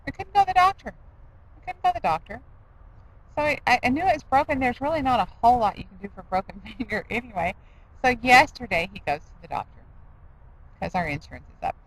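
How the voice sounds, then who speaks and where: A woman's voice: mid-range voice, rough recording. A middle-aged woman rambling in a casual vlog, self-deprecating with laughing asides. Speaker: diet vlogger.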